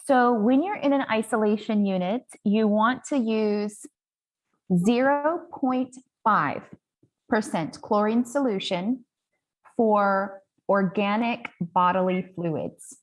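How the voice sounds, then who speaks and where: Woman panelist, slow and deliberate, teaches and stresses key points, video-call mic. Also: mid-range voice. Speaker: infection control panelist. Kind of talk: explanatory webinar answer.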